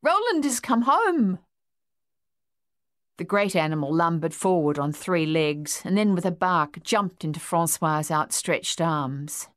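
A woman reading an audiobook in a measured, even storytelling delivery. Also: low-pitched, dry recording, studio quality. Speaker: audiobook narrator. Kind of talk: scripted audiobook narration.

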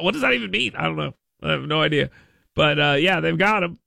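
A man's voice: high-pitched, quick pace, creaky, sharp tone, dry recording. A man hosting a talk radio show, chatting casually with wry, sarcastic asides.

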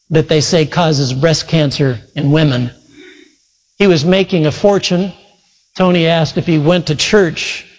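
A male pastor with a voice on the high side preaches a sermon, retelling a story full of quoted speech as his pace shifts between slow and quick. Long hall reverb surrounds him.

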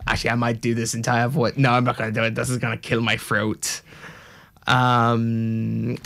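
Gravelly-voiced young man rambling. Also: medium pitch, completely flat delivery, normal speed, fairly bright tone. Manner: joking, rambling, self-mocking. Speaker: stream host. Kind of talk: casual rambling chat.

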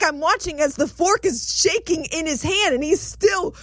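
A woman's voice: extremely high pitch, animated, unhurried, few pauses, fairly bright tone. A woman co-hosting a casual faith talk show, retelling anecdotes in a conversational way. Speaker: co-host.

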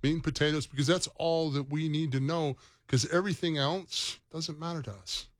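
A man's voice: a little high, fairly even intonation, normal speed, no echo, clean studio sound. A man chatting as a radio guest, telling rambling, joking stories in casual talk. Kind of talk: casual chat. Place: radio studio.

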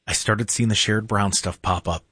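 A man's voice: lowish voice, steady tone, fairly quick, pushed and bright, breathy edge, no room sound, clean studio sound. A man hosting a talk radio show, bantering sarcastically and rambling through restarts.

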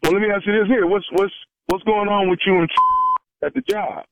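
A man's voice: sits high, fairly even intonation, brisk. A man making a prank phone call, pushy and stifling laughs as he talks. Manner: pushy, laughs under his breath. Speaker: prank caller.

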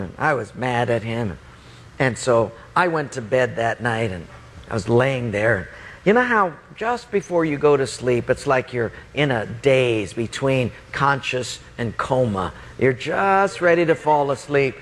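A male pastor telling a lively personal story in a sermon, laughing and swinging his voice up and down, in a reverberant hall. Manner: animated, laughing storyteller with big pitch swings. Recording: long hall reverb, faint ambience.

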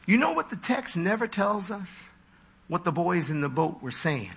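A man preaching a sermon with dramatic delivery, acting out voices with big leaps in pitch. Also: sing-song, normal speed, gravelly, a bit bright, slightly rough.

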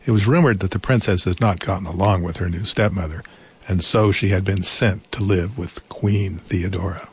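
Brief: male storyteller, low and husky, gentle read-aloud with asides. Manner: gentle, unhurried, adds asides.

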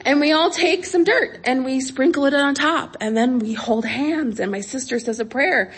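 A woman's voice: high-pitched, normal speed. A woman telling a personal story live on stage with wry comic timing.

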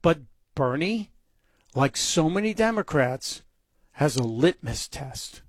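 Sarcastic talk radio host with a dry sound. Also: male voice, a little high, sing-song, takes it slowly, slightly rough, no room sound. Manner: sarcastic, mocking commentary. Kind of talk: opinion talk radio monologue.

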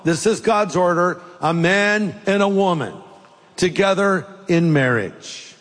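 A man's voice: high-pitched, takes it slowly, a bit bright, in a large hall. A man preaching a sermon as a pastor, playful and joking at times. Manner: playful, jokes and puts on silly accents.

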